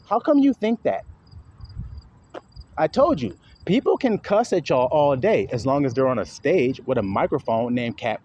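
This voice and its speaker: A man preaching in the open air at night, his voice riding high and swinging up and down. He is confrontational and salty, throwing rhetorical questions at his listeners. Faint crickets chirp behind him. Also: a little mellow, a little hiss or hum. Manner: talks while walking. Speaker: self-styled religious teacher. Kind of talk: street preaching monologue.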